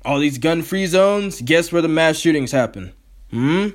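A man's voice: on the high side, lively intonation, unhurried. A man hosting his own podcast, ranting in a heated, profane, rambling way. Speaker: podcast host. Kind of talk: solo podcast rant.

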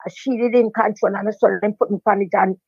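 An older Jamaican woman, a veteran dancehall DJ, telling her story in a lively patois interview with emphatic repetition. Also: mid-range voice, a little fast, slightly rough, dry recording. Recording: dry, dull lo-fi sound.

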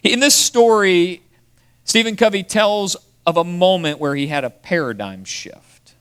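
A man preaching a sermon to his congregation, speaking straight to them and swinging from raised, emphatic phrases to slow, hushed ones. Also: high voice, clear, resonant tone. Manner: addresses the congregation directly. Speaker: pastor.

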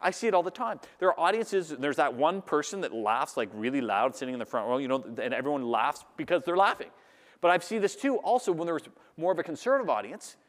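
Man, keynote speaker, animated, slightly high voice, long reverb of a big hall. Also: fast talker. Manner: animated, acts out audience voices. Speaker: public speaker. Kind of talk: keynote talk to a live audience.

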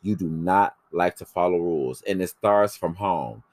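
Very deep-voiced man, brash and profane. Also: normal speed, no room sound. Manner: brash, profane, animated storytelling. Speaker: podcast host. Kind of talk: casual chat.

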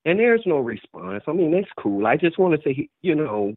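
A man in his forties on a tinny, dry phone line, talking haltingly and stumbling over his words. His pitch swings widely as he tries to hold back emotion. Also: big pitch swings, no room sound. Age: 40s. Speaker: caller. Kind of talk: emotional phone call to a show.

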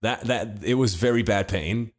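A man with a very low voice tells a long personal story in a relaxed podcast chat. He keeps it laid-back, swears freely and acts out what other people said. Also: normal speed. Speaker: podcast co-host telling a story.

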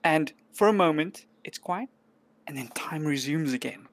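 A woman with a low, animated voice speaks at a normal speed as the game master of a tabletop role-playing game. She describes the scene in a chatty, vivid way, using frequent fillers.

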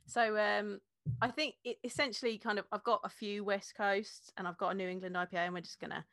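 A woman's voice: mid-range voice, fairly even intonation, a little fast, fairly bright tone, dry recording, clean studio sound. A woman who teaches beer tasting, a guest in a casual interview, explaining with energy and laughing often.

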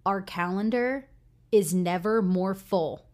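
A woman in her thirties with a Midwestern American accent co-hosts a casual podcast. She talks in a chatty, animated way and fills her speech with "like." Her voice sits at an ordinary middle pitch. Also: takes it slowly. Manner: chatty, animated storyteller with frequent "like". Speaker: podcast co-host.

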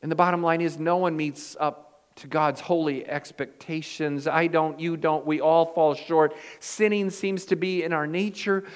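Man, pastor, sermon, folksy self-deprecating storyteller, slightly high voice, reverberant hall. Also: steady tone, a little slow, clear, resonant tone.

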